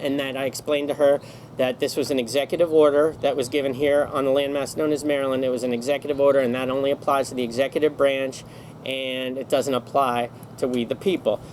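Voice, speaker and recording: A man's voice: medium pitch, a little hiss or hum, poor audio. A man vlogging in a casual storytelling monologue, rambling along with many restarts and self-corrections.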